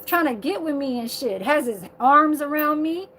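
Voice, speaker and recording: A woman with a high voice rants to her phone camera in a casual vlog. She talks animatedly, swears freely and leans on filler words. A faint hiss of background noise sits under her voice. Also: normal speed. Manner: animated, heavy profanity, lots of filler. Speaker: vlogger.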